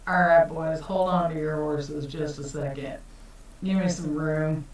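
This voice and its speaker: A woman's voice: low voice, fairly even intonation, unhurried, heavy reverb, recorded from a distance, crowd noise, pitched below the performer's own voice, low-quality recording. A woman voicing a shy, polite young boy who is secretly a dragon, speaking hesitantly with stammers. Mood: calm.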